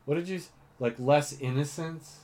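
A man's voice: fairly high pitch, normal speed, a little mellow. A middle-aged man hosting a casual chat with his daughter, self-mocking and full of fillers. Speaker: podcast host.

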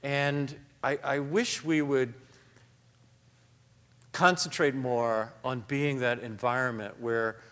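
A man's voice: medium pitch, steady tone, slow, long pauses, fairly bright tone, smooth. A man speaking as a guest author in a live onstage conversation, thoughtful and self-deprecating, reading a passage aloud. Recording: long hall reverb.

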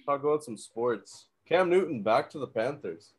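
A young man co-hosting a casual podcast, cursing freely, ranting loudly and reading out sales figures. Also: mid-range voice, lively intonation, normal speed, husky. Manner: profane, loud outbursts, reads figures off a screen. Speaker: podcast co-host. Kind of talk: casual chat.

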